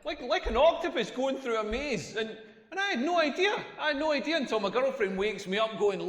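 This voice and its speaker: High-voiced male stand-up comic, crude and deadpan, echoey hall. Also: fairly quick, few pauses. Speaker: stand-up comedian. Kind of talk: stand-up comedy routine. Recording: echoey hall with long reverb.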